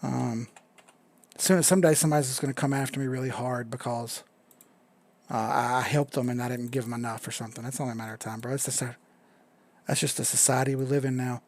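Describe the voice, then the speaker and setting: A man's voice: medium pitch, fairly even intonation, quick pace. A man hosting a crypto live stream, talking casually and rambling while he charts, swearing now and then and reading out chat. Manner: laid-back, rambling, swears casually, reads chat aloud.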